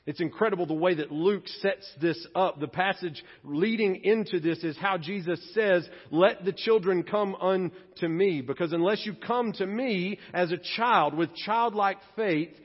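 A man's voice: high-pitched, unhurried, few pauses, breathy edge. A pastor preaching a sermon, earnest and emphatic, who often acts out the people he quotes. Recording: long reverb, dull lo-fi sound.

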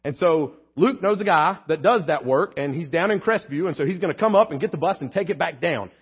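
A man preaches in a high, husky voice, earnest and mixing in light jokes. He often doubles his words as he goes, and the recording is dull and lo-fi. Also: lively intonation, a little fast. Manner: earnest, joking storyteller, repeats words as he goes. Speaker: pastor. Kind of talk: sermon.

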